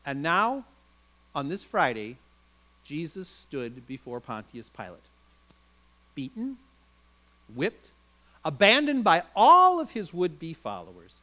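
A man preaching, his voice high and bright as he tells the story with drama and emphasis. His pitch swings widely, rising and falling with every turn. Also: rough recording. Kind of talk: sermon.

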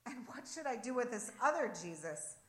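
A woman's voice: on the high side, big pitch swings, moderate pace, pitched above the performer's own voice. A woman reading the part of a troubled, imperious male Roman governor, with raised, demanding questions. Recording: roomy echo.

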